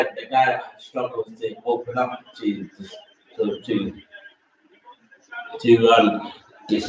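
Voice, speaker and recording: A man in casual, opinionated chat, rambling and repeating himself as he gives blunt views. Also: medium pitch. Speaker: vlogger reviewing a reality show. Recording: echoey, distant, dull lo-fi room sound.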